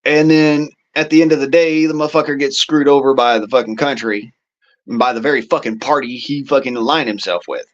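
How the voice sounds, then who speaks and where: A man's voice: medium pitch, fairly quick, lo-fi sound. A man hosting a casual political monologue, talking in a rambling, profane way with folksy turns of phrase. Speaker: show host.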